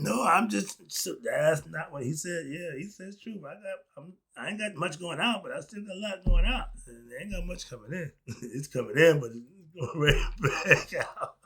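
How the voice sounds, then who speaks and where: Gravelly-voiced older man musing casually. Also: fairly high pitch, moderate pace. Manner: emphatic, laughing asides, swings loud and soft. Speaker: commentator. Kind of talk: casual monologue.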